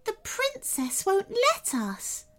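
A woman's voice: very high-pitched, huge pitch swings, slow, fairly bright tone, pitched above the performer's own voice, full character voice. A woman doing a worried little fairy.

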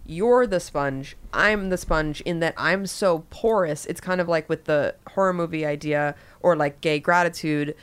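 A woman's voice: sits low, unhurried, few pauses, clean tone. A woman co-hosting a comedy podcast in casual chat, acting out quoted lines in different voices, with a New York accent. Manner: animated, acts out quotes in varied voices. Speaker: podcast co-host.

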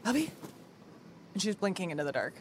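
A woman narrating her character's actions in a tabletop game, brisk and matter-of-fact. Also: medium pitch, slight background noise. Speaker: player.

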